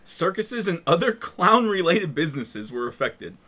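A man co-hosting a casual horror movie podcast, relaxed and recounting facts he looked up, with frequent fillers. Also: a little high, moderate pace, a little hiss or hum. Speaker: podcast co-host presenting research. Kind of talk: casual chat.

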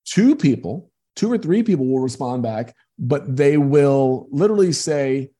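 A man with a husky, slightly rough voice speaks as an interview guest. He tells his stories earnestly and with emphasis, at a middle pitch. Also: lively intonation, unhurried, hardly any pauses, mellow. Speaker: interview guest, business coach. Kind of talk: conversational interview.

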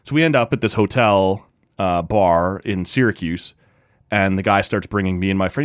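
A man from Canada telling a relaxed anecdote in casual chat, acting out the voices of the people in his story. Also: low voice, normal speed, dry recording, clean studio sound.

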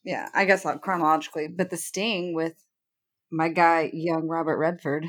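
A woman's voice: low-pitched, little pitch movement, moderate pace, fairly bright tone. A young woman co-hosting a casual movie podcast, frank and joking, swearing freely. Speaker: podcast co-host.

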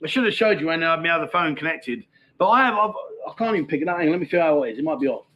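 A man's voice: on the high side, lively intonation, racing, dull audio. A middle-aged man hosting a casual livestream, chatting and reading out viewer comments in a matey, laughing way. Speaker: livestream host. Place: Pattaya, outdoors.

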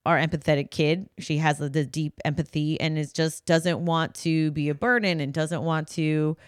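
In clean studio sound with no echo, a middle-aged podcast co-host speaks in a low, clean voice at a moderate pace. Her casual chat turns into lively storytelling where she performs each quoted voice.

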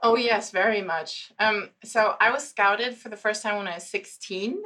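This woman speaks in a mid-range voice at a moderate pace; she's in her forties, a psychologist and founder from Germany. Chatting casually as a podcast guest, she laughs frequently and tells her stories with lots of energy.

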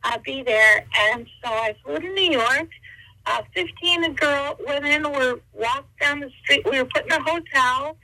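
A woman in her sixties telling stories as an interview guest by phone, animated and quick to slip into voices. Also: high-pitched, rough recording. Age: 60s. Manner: animated, slips into voices and quotes. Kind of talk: interview storytelling.

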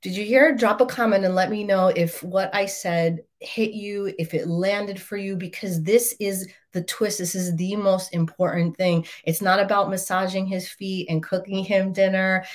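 A woman's voice: medium pitch, steady tone, moderate pace, few pauses. Emphatic, swearing woman coaching wives. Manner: emphatic, casual, profane, repeats "right?" and "like". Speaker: relationship coach and course teacher. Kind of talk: motivational online course talk.

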